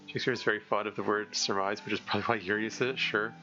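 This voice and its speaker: A man's voice: on the low side, fairly even intonation, quick pace, bright, forceful tone, lo-fi sound, faint music behind. A man streaming live, commenting on a game in a rambling, laugh-filled way with many restarts.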